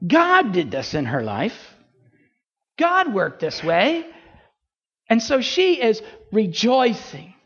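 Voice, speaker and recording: A woman preaching a sermon, asking rhetorical questions and swinging her pitch widely for emphasis. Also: wildly swooping pitch, takes it slowly, pauses often, breathy edge, lo-fi sound.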